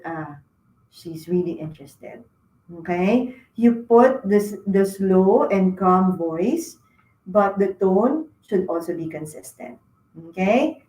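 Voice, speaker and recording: A woman's voice: medium pitch, a little mellow. Woman giving career tips, echoey. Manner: frequent fillers, repeated "okay?" check-ins. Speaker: career talk speaker. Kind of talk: career advice talk to students.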